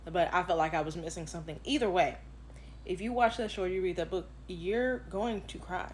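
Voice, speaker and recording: A woman book reviewer telling an animated, dramatic storytime to camera. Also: on the low side, a little fast, a little hiss or hum.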